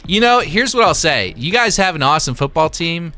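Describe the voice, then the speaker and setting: A man's voice: a little high, sing-song, a little fast, sharp tone. A young man hosting a live stream, reading chat and donations aloud in a laid-back, chuckling way. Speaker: livestream host reading chat.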